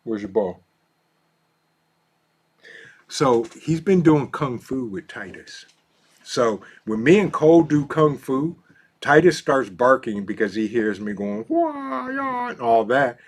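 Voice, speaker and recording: A man's voice: medium pitch, lively intonation, slow, long pauses, slightly rough. A man hosts a casual live stream, reading out viewer comments, laughing easily and coaxing his dog. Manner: easygoing, laughs often, talks softly to his dog.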